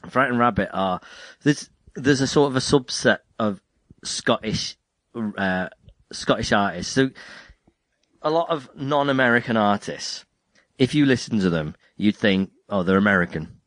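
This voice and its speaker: A man's voice: on the low side, lively intonation, a little slow, a bit bright, no echo. A man hosting a podcast, chatting casually about music in a rambling, jokey way that keeps breaking off and restarting. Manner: rambling, self-interrupting, jokey. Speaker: podcast host.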